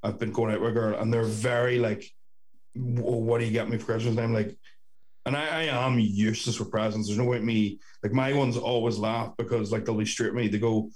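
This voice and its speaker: A man's voice: on the low side, steady tone, a little fast, darkish tone. A young Northern Irish man co-hosting a podcast over a video call, rambling and swearing in casual chat. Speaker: podcast co-host. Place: sister's bedroom at home.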